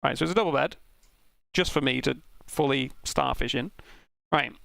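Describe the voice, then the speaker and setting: A young man casually telling an animated, sweary anecdote while streaming a sim race. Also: mid-range voice, normal speed, gravelly, no room sound. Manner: animated, swearing, self-mocking anecdote with laughs.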